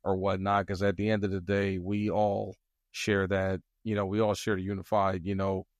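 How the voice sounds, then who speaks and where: A man with a fairly low voice talks through his opinion as a podcast co-host. He speaks in a measured, reflective way and often pauses to find his words. The recording is dry and close. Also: little pitch movement, dry recording. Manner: measured, reflective, with frequent hesitations. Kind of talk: casual chat.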